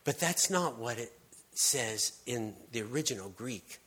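Husky-voiced man preaching casually. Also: mid-range voice, expressive, a little slow. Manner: casual, storytelling delivery with frequent restarts and dropped-to-hushed emphasis. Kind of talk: conversational sermon.

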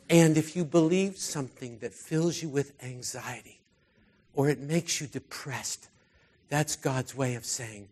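A man preaching a sermon through personal stories, earnest and heartfelt, his voice often dropping soft and quiet. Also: mid-range voice.

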